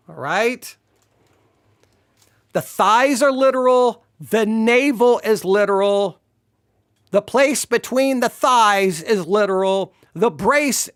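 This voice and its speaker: A man giving a sarcastic, exasperated commentary while reviewing a sermon, shifting between slow explanation and animated disbelief. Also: high-pitched, dry recording, clean studio sound. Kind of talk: video commentary.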